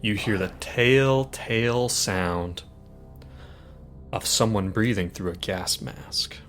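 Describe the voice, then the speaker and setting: A man narrating a tabletop game as game master, describing scenes in an animated way. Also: on the low side, takes it slowly, faint music behind.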